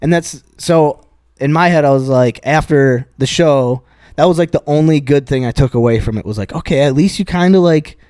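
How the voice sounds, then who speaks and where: A man on a podcast, his voice sitting a bit high for a man, with dry sound right up on the mic. He rambles along in casual chat, cursing and circling back on his words as he tells a comedy story. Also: moderate pace, darkish tone, smooth, no echo. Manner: rambling, profane, many restarts and fillers. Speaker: podcast co-host.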